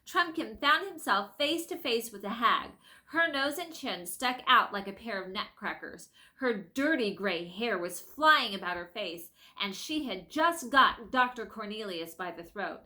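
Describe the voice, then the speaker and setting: A woman narrating a storybook chapter in a measured, expressive way. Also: fairly high pitch. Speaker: audiobook reader. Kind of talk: scripted narration.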